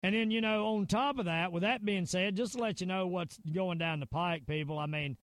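A man with a Southern US drawl holds forth as a podcast host, his voice pitched notably high. He rambles emphatically, stacking fillers and restarts. The sound is close and dry, with no room around it. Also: brisk, no echo. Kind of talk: casual conspiracy-minded rant.

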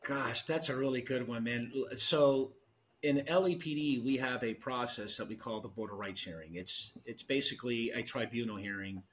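A man's voice: mid-range voice, moderate pace, fairly bright tone. A middle-aged man, a retired police sergeant, talking as a guest in a casual interview and stressing key words as he explains.

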